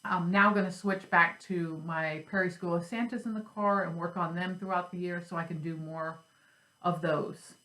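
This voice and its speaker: A woman's voice: mid-range voice, a bit bright, reverberant, low-quality recording. A woman chatting casually at home about her cross stitch and craft supplies, rambling and joking at herself. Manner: chatty, rambling, self-deprecating. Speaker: flosstube host.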